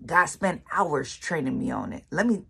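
A woman's voice: deep voice, sing-song, moderate pace, gravelly, fairly bright tone, slightly rough. A woman preaching her personal faith testimony in a casual, colloquial way, emphatic and repeating phrases for effect. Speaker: faith speaker sharing testimony.

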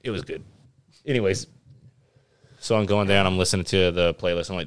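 Deep-voiced laid-back podcast host. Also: male voice, brisk, clear, resonant tone, no room sound. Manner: laid-back storyteller, swears freely. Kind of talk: casual chat.

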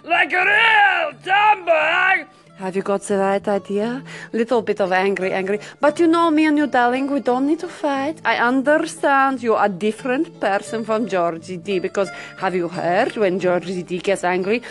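A woman's voice: a little high, lively intonation, normal speed, soft background music. A woman playing a brash, flirty Russian radio host with a mock Russian accent, theatrical and full of pet names. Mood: teasing. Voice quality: theatrical, coos pet names, swoops between purring and shouting. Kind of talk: comic character radio show.

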